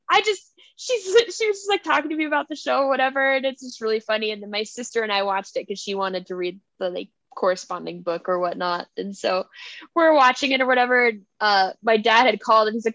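A woman's voice: fairly high pitch, fast, no echo. A young woman co-hosting a casual podcast chat, telling stories animatedly and acting out what her family said, with lots of "like". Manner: animated storyteller, acts out family quotes, heavy "like" filler. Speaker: podcast co-host.

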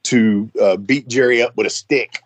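A man's voice: mid-range voice, steady tone, moderate pace, no echo. A man with an ordinary mid-range voice rambles through a story in casual podcast chat. He restarts his sentences often. The sound is dry and close. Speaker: podcast host.

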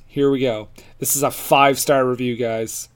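A man's voice: medium pitch, expressive, measured pace. A man co-hosting a casual podcast, joking and reading out movie reviews. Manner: jokey, laughs at his own quips. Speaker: podcast co-host.

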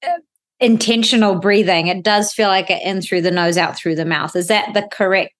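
A woman's voice: medium pitch, moderate pace, fairly bright tone. A woman hosting a podcast, chatty and curious, acting out her own thoughts as she asks questions. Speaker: podcast host. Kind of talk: podcast interview.

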